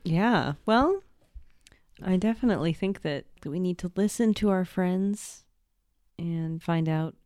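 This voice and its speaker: A woman's voice: on the low side, a little slow, a little mellow, dry recording, studio quality. A woman co-hosting a podcast who chimes in with easy, casual chat about TV episodes. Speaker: podcast co-host.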